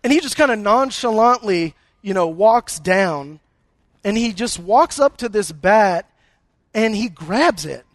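A man's voice: high-pitched, animated, a little slow, no echo. A male pastor preaching a conversational sermon, telling stories with humor and often repeating words as he goes.

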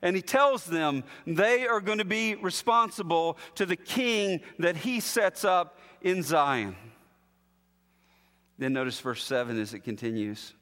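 A man preaching an expository sermon, emphatic, dropping low and slow on key phrases. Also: bright, forceful tone. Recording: long hall reverb.

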